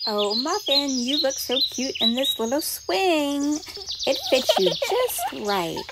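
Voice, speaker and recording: A woman's voice: sits high, very animated, takes it slowly, very noisy, exaggerated voice. A woman playing a bubbly cartoon dog mom babysitting, sing-song. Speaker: toy play host. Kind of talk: pretend play with toys.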